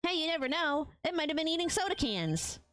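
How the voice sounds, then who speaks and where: A woman's voice: high-pitched, sing-song, brisk, a bit bright, slight background noise, pitched above the performer's own voice. A woman voicing a cheerful, bumbling male detective while reading game dialogue aloud, in a folksy tone. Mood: upbeat. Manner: folksy, calls people pal.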